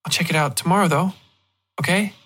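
A man voicing a young woman who is teasing and weary, in a dark audio story. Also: on the high side, brisk, pitched above the performer's own voice.

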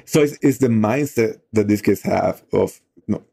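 Low, mellow-voiced man telling a story. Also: moderate pace, gravelly. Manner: loose, many "you know" fillers. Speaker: youth outdoor program leader. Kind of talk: conversational storytelling.

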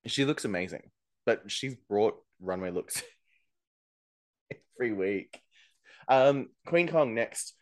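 A man's voice: on the low side, lively intonation, slow, pauses often. A man co-hosting a podcast, chatting casually and gossiping about a TV show, laughing often. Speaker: podcast co-host recapping a TV show. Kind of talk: casual chat.

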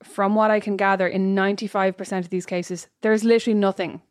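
A woman's voice: mid-range voice, flat delivery, quick pace, no echo, clean studio sound. A pregnant woman co-hosting a podcast, chatting casually in a wry, joking way. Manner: joking, wry, talks over her co-host. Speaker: podcast co-host. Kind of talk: casual chat.

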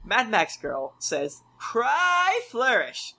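A man's voice: very high voice, huge pitch swings, extremely slow, creaky, pushed and bright. A man co-hosting a casual podcast among friends, reading listener reviews aloud with playful, jokey emphasis.

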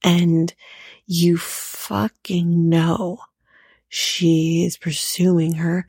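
A woman's voice: on the low side, flat delivery, extremely slow, darkish tone, husky, dry recording. A young woman hosting a podcast, recapping a reality show in a profane, opinionated rant. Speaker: podcast host.

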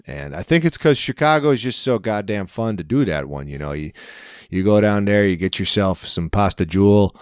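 A man with a fairly low voice co-hosts a loose podcast conversation. He jokes, swears freely and drifts into mock accents. The sound is dry and close, with no room behind it. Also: expressive, moderate pace, hardly any pauses, darkish tone, clear, resonant tone, no echo. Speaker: podcast co-host. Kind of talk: casual chat.

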